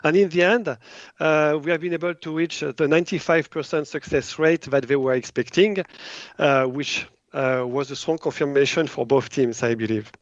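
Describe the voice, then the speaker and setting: A man with a French accent talks through his answer with many hesitant fillers. His voice sits fairly high for a man. The sound is dry and a little dull, with no room around it. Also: normal speed, no room sound. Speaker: biotech company CEO, guest. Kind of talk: podcast interview answer.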